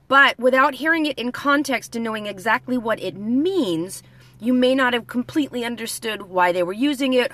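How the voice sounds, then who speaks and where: A woman's voice: on the high side, a bit bright, dry recording. A woman hosting a word-of-the-day lesson in a chatty way, greeting viewers by name, with a slight lisp from orthodontic bands. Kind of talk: casual live video lesson.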